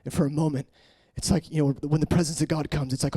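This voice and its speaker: A man in his late twenties preaching an emotional personal testimony, shifting between hushed murmurs and raised, intense passages. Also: fairly even intonation, fast talker, husky. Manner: earnest, swinging from hushed murmurs to raised, high-pitched intensity.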